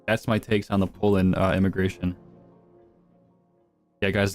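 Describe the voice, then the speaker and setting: A man's voice: deep voice, flat delivery, moderate pace, pauses often, faint music behind. A young man live streaming, answering chat with crude, provocative, slang-heavy banter.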